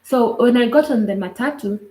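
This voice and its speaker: A woman with a Kenyan accent telling a personal story earnestly, in a halting way with frequent asides. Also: fairly high pitch, mellow. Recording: roomy echo.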